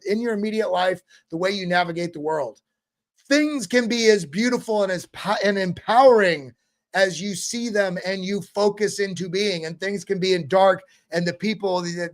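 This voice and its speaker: A man hosting a crypto show, giving a casual motivational talk that rambles and often repeats words. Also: sits high.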